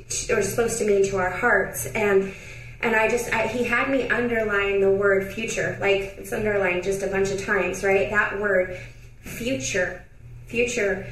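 A woman hosting a broadcast and giving prophetic words, talking in a conversational way with many fillers and restarts, laughing softly between phrases. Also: fairly high pitch. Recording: echoey room, distant mic.

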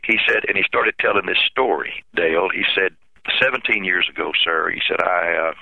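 A man who is a pastor, telling his own story in an interview, halting and earnest, repeating words and restarting often. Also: deep voice, gravelly, no room sound. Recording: tinny phone-line sound.

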